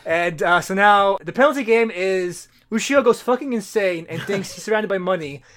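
A man co-hosting a casual podcast, recapping a manga in an animated way, swearing and acting out the characters. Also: sits high, normal speed. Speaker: podcast co-host.

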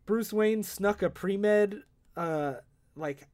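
A man's voice: high-pitched, drawn-out words, darkish tone, a little hiss or hum. A man casually recapping a comic book with friends, telling the story with quoted voices and swearing. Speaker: podcast co-host.

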